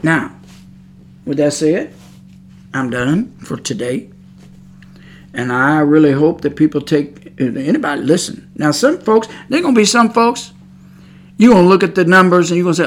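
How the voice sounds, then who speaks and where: A woman's voice: low-pitched, expressive, moderate pace, long pauses. A woman preaching on a podcast, emphatic and scolding, repeating her points. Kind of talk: preaching monologue.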